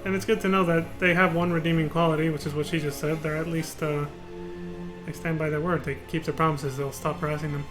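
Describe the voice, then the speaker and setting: Cursing, high-voiced male streamer. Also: brisk, fairly bright tone, soft background music. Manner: casual, profane, laughs often. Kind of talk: live game-stream commentary.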